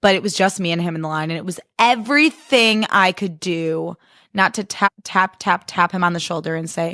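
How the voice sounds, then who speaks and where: Woman in her thirties, podcast host, hoarse and raspy right now, lowish voice, gushing chatty delivery, dry close mic. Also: normal speed, pushed and bright, no room sound. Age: 30s. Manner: gushing, chatty, swears casually. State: raspy after a birthday weekend. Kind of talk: casual podcast chat.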